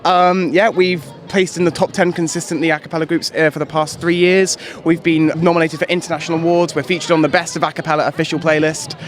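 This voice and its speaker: A man's voice: fairly high pitch, little pitch movement, fast, few pauses. A young man, a student performer and beatboxer, eagerly listing his group's achievements in a street interview. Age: young adult. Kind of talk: casual interview. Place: outdoors on a busy street.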